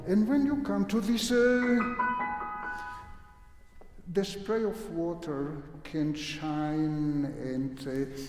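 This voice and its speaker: A man's voice: a little high, very slow, pauses often, darkish tone. A man teaching a piano master class in a concert hall, coaching a young pianist with vivid images and humming phrases to show how they should go. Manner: sings and hums phrases to demonstrate; uses vivid imagery to explain the music.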